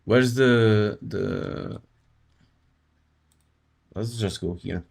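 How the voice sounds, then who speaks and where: A man's voice: lowish voice, extremely slow, gravelly. A male livestreamer chatting casually with his audience, laid-back and jokey, reacting to chat with laughs. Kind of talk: casual live-stream chat.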